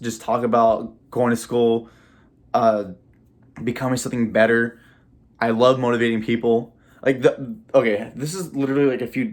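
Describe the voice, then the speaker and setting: A young man talking straight to camera about his dreams in a casual, rambling way, repeating words and laughing, choked up with emotion. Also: mid-range voice. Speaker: vlogger. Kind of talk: casual motivational monologue.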